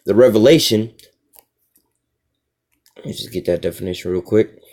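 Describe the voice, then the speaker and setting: A man's voice: on the low side, moderate pace, dark tone. Man, informal Bible teacher, conversational, repeats fillers. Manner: casual, repeats "you know" and "all right".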